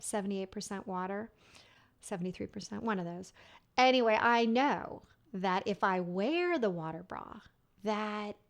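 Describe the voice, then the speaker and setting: A middle-aged podcast host tells a comic story about herself. She speaks slowly and deliberately at a medium pitch. She laughs easily and gets animated at the funny parts. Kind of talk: storytelling monologue.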